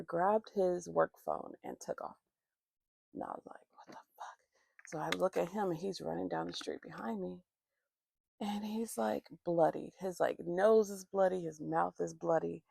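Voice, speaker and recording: A woman's voice: on the low side, gravelly, a little mellow, dry recording. A woman vlogger telling a rambling, profane storytime while doing her makeup, acting out the people in it. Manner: rambling, profane, acts out quoted voices. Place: at home, morning makeup routine.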